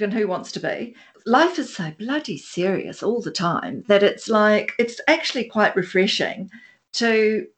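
A woman's voice: medium pitch, a bit bright. A woman hosting a podcast, chatting casually with her guest and often seeking agreement. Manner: chatty, agreeable, asks for confirmation. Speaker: podcast host. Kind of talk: casual interview chat.

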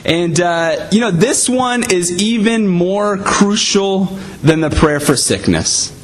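A man's voice: high-pitched, lively intonation, slow pace, a little hiss or hum, rough recording. A man preaching a sermon in a conversational way, often saying "you know".

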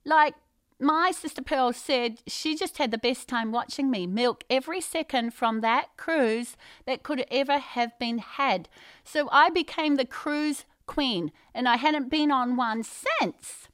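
Bubbly high-voiced woman storyteller. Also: unhurried, a bit bright, clean tone, dry recording, studio quality. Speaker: guest telling a story. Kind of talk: casual chat.

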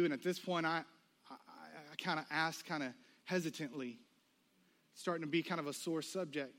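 A man's voice: a little high, fairly bright tone. A man preaching a sermon, telling a personal story and acting out the voices of the people in it. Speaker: pastor.

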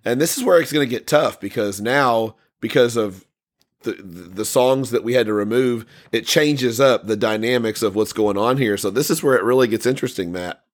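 A man's voice: mid-range voice, moderate pace. A man hosting a casual podcast chat, running a song vote, who rambles with many fillers and restarts.

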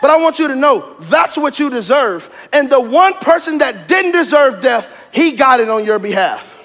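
A pastor preaching a sermon with loud, animated, joking emphasis, often near a shout, in a church sanctuary. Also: male voice, very high voice, moderate pace. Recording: long reverb of a large hall.

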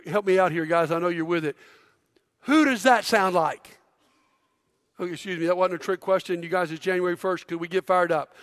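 High-voiced energetic preacher in a reverberant hall. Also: male voice, normal speed. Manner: energetic, conversational preaching with audience prompts. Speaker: pastor. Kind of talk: sermon. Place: church auditorium.

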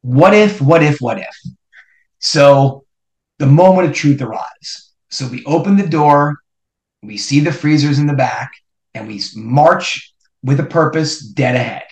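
A middle-aged man from New Jersey, hosting a podcast and telling a personal story in an animated way, building suspense with repeated rhetorical questions. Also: on the high side, a little slow. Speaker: podcast host. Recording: roomy echo.

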